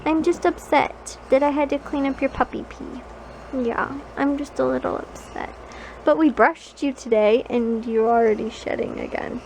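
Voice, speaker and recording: A woman's voice: sits high, fairly even intonation, normal speed, darkish tone, slight background noise, rough recording. A woman talking baby talk to a dog in a bedroom, cooing and doting. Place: bedroom at home.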